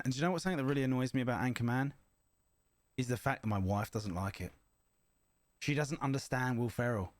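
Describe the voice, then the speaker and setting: A young man streaming a reaction video, chatting to viewers in an excitable, jokey, shouty way. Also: medium pitch, no echo. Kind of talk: casual live reaction chat.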